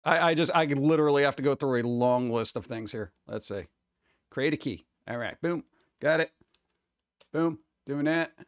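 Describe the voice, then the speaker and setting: A man's voice: mid-range voice, moderate pace, dry recording, dull audio. A man chatting casually on a live stream, rambling and joking as he reads chat aloud.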